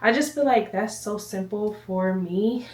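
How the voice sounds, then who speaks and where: An unhurried woman with a medium-pitched voice vlogs casually at home, a little out of breath. She rambles to the camera and addresses viewers as y'all, sounding distant in an echoey room.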